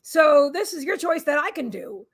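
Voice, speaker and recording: A woman's voice: high-pitched, expressive, normal speed. A woman hosting a casual psychic livestream, talking in a rambling, emotional way with many restarts. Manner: coos in baby talk to her pets. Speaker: psychic reader and healer, livestream host.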